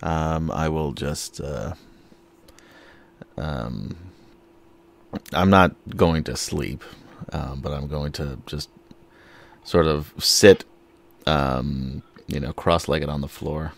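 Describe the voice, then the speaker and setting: A man playing a tabletop game, speaking hesitantly with many pauses and ums. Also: extremely low pitch, gravelly. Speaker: player. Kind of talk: tabletop role-play.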